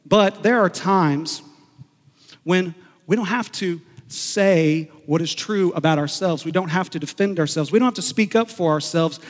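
A man preaching a sermon as pastor, earnest and storytelling, slowing down to stress key words. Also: sits high, big-room sound.

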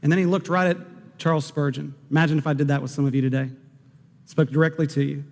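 A man's voice: a little high, steady tone, fast talker, darkish tone. Earnest preacher man in a reverberant hall. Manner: earnest preaching, rising to fervent proclamation. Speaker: pastor. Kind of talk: sermon.

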